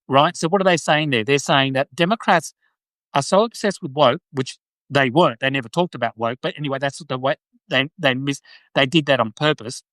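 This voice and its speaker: A man's voice: medium pitch, fairly quick, a bit bright, no room sound, low-quality recording. A man with an Australian accent, hosting a live video and chatting about politics in a loose, talkative way, often tagging his points with "right?". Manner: chatty, frequent "right?" tags and restarts. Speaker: livestream host. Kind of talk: casual political commentary.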